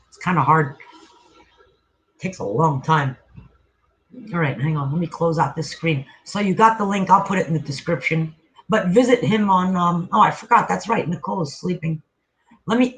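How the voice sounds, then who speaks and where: High-voiced man rambling on a livestream. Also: a bit bright, rough recording. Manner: loose and profane, trails off mid-sentence. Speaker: livestream host. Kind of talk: casual rambling livestream chat.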